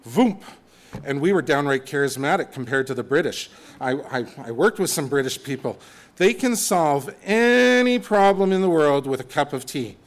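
Chatty, animated male preacher. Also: on the high side, moderate pace. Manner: conversational, animated, with asides and humor. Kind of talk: sermon.

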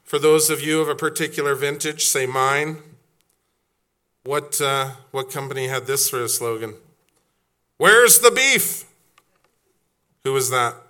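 A man's voice: medium pitch, level tone, normal speed, bright, forceful tone. A middle-aged man preaching a sermon as pastor, quizzing his congregation and acting out quoted voices. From Canada.

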